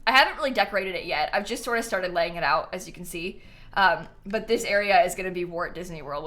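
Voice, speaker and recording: A young woman chatting casually on a live stream, excitable and quick to laugh and squeal as she plays and thanks donors. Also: medium pitch.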